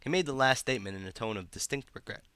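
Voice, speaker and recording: A man narrating a classic short story for bedtime listening, in an expressive, clear storytelling way. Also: mid-range voice, fast talker, no echo. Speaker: audiobook narrator.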